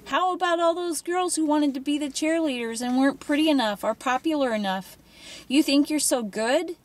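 A woman's voice: high voice, normal speed, voice pushed up, lightly acted. Woman doing a sneering cruel teen girl. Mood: mocking. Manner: taunting, mocking, menacing. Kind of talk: audiobook character voice.

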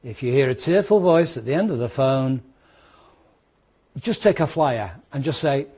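A man teaching a law class, lively and conversational, asking the students questions and walking them through made-up scenarios. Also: mid-range voice, moderate pace, pauses often, slightly rough. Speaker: law lecturer.

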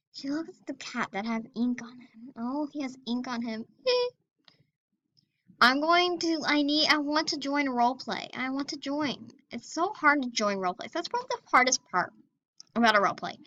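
Bright, giggly young woman gamer. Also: sits high, a little slow, dull audio. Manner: chatty, giggly, excitable. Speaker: gaming video host. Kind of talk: casual gameplay commentary.

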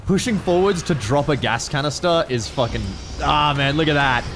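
Excitable Australian man gaming. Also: on the high side, moderate pace, a little hiss or hum. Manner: excitable, swears freely, talks to units in game. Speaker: gaming streamer. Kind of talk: casual gameplay commentary. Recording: commentary over game audio with music.

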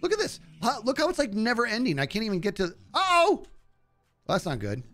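A man's voice: extremely high pitch, a little fast, soft background music. A man live-streaming a video game, chatting casually and joking at the enemies on screen as he plays. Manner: animated, jokey, talks to game enemies. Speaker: gaming streamer.

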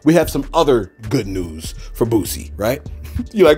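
A man's voice: mid-range voice, huge pitch swings, moderate pace, a little mellow, soft background music. A man giving casual celebrity news commentary, rambling with frequent restarts and asides to his viewers.

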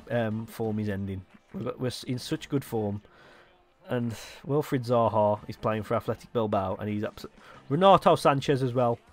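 A young man excitedly commentating his own football video game, swearing and shouting at his players. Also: mid-range voice. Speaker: gaming YouTuber.

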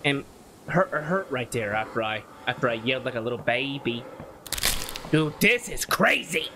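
A man's voice: mid-range voice, sing-song, moderate pace, background noise. A man giving nervous commentary while playing a horror game, muttering repeated worries and breaking into sudden yelps. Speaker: gaming YouTuber.

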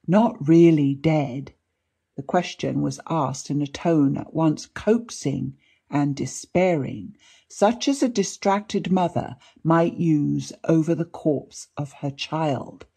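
Slow, husky woman reading a mystery audiobook. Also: deep voice, dark tone. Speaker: audiobook narrator. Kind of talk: scripted audiobook narration.

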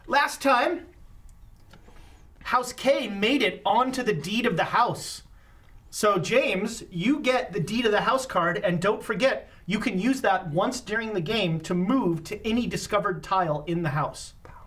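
A man's voice: high-pitched, unhurried, a bit bright. Man running a board game session. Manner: upbeat, reads story text aloud. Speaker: game master.

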